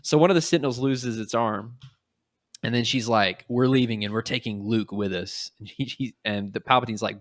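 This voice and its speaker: A man's voice: mid-range voice, no echo. Podcast guy recapping a comic, acts out the lines, dry sound. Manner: animated, acts out quotes in quick little voices. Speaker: podcast host. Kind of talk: casual podcast chat retelling a comic.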